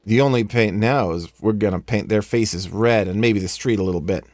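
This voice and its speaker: A man's voice: lowish voice, moderate pace, darkish tone, no echo, studio quality. A man giving casual, joking commentary while playing a video game. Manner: playful, joking asides. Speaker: let's play host.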